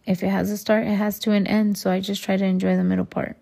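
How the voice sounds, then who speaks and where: A woman's voice: medium pitch, flat delivery, fast talker, gravelly, dark tone. Candid, cussing woman podcast host. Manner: candid, rambling, swears freely; addresses listeners as y'all. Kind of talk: casual solo podcast monologue.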